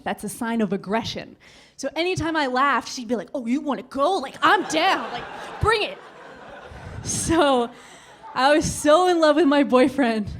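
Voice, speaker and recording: On a club stage, a stand-up comedian in her twenties tells a story with animated delivery, acting out the voices. Her pitch is fairly high.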